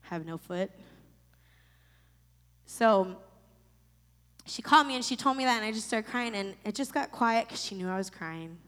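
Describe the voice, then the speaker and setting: Woman in her thirties from Florida, emotional and halting personal testimony, reverberant space. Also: mid-range voice, expressive, fairly bright tone. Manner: emotional, halting, many restarts. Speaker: storyteller sharing a personal testimony. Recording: long reverb.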